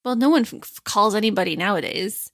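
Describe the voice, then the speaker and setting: A woman's voice: medium pitch, expressive, fast, fairly bright tone, no room sound, studio quality. A woman co-hosting a podcast in casual chat, teasing and laughing often. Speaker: podcast co-host.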